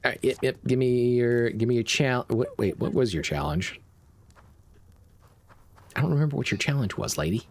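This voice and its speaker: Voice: mid-range voice, moderate pace, pauses often, slight background noise. A streamer chatting casually and wryly while playing a video game, a little sleepy. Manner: drowsy and chatty, with a wry edge. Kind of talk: casual gameplay commentary.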